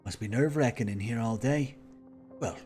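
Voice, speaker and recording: A man's voice: mid-range voice, moderate pace, a little mellow, soft background music, lightly acted. An idle, easygoing sailor, acted by a man, with a lazy drawl. He sounds in no hurry at all. The man puts him on during a game. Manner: lazy, drawling, says aye.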